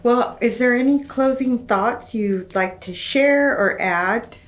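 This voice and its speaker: A woman's voice: a little high, slow pace, echoey room, poor audio. A woman interviewing a veteran, asking encouraging questions for an oral history project.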